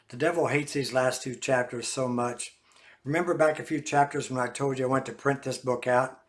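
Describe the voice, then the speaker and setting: An older man reading his own memoir aloud, folksy and animated. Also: medium pitch. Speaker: author.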